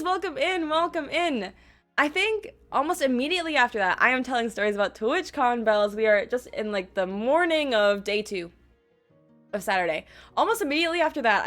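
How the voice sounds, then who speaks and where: A woman's voice: a little high, pushed and bright. A young woman streamer telling a story in a casual, gushing, chatty way, full of "like" and acted-out quotes. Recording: faint music behind the voice.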